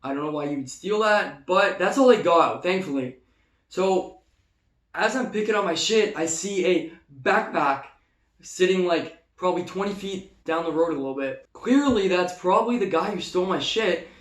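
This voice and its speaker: A young man casually telling a personal story, animated and swearing freely. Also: high voice, moderate pace. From Canada. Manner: animated, swearing, acts out shouted quotes. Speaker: vlogger. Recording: echoey room.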